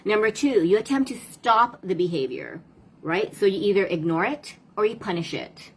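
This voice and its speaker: A woman's voice: mid-range voice, lively intonation, normal speed, slight background noise, low-quality recording. A woman parent coach talking casually to viewers on a live stream, asking rhetorical questions and replying to comments.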